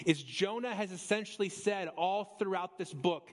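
A male pastor preaching a sermon in a church, speeding up and slowing down for emphasis and rising sharply on key words. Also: high-pitched. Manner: preaching with sweeping shifts of pace and emphasis. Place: church sanctuary.

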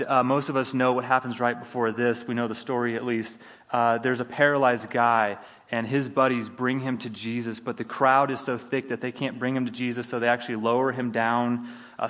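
A male pastor delivers a sermon in a conversational, easygoing manner, often restarting his sentences. His voice sits at an ordinary pitch. The sanctuary around him adds a long, echoing reverb. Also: fairly bright tone. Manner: conversational preaching with frequent restarts.

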